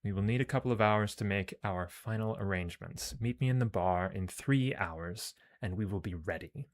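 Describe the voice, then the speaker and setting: A proud older alien warrior commander, as a man puts him on, speaking in a clumsy mock Australian accent. The voice sits low and deep. He is honorable and formal, giving orders in a space game story. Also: moderate pace, natural voice. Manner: clumsy put-on accent, formal military speech.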